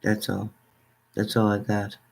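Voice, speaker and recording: A man's voice: on the low side, completely flat delivery, measured pace, gravelly, a little hiss or hum. Chatty older man hosting a livestream. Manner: chatty, thanks viewers by name, calls them hon. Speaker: livestream host. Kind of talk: casual livestream chat with viewers.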